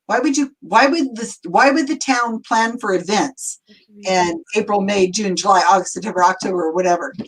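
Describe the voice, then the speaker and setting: A woman's voice: medium pitch, normal speed, husky, low-quality recording. A woman guesting on a podcast, talking enthusiastically in a rambling way with lots of fillers. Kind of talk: casual chat.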